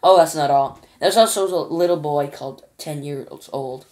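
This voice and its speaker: A woman's voice: low voice, moderate pace, a little mellow, close to an everyday voice. A woman voicing a cheeky astronaut. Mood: cocky. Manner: cocky, casual slang, talking back. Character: brash, cheeky male astronaut. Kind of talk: children's storybook reading.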